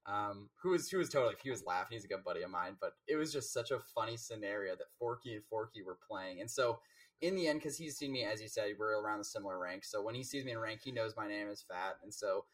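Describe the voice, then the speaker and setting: A man's voice: on the low side, fast, distant mic. A man, a game coach, chatting casually as a guest and rambling through stories with many fillers and restarts. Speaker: Rocket League coach and guest. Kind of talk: casual interview chat.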